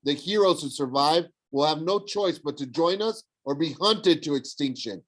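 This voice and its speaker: A man's voice: a little high, animated, normal speed, voice pushed up, rough recording. A man doing a smug young villain. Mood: mocking. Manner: sneering, mocking. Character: smug young male villain, mocking and persuasive.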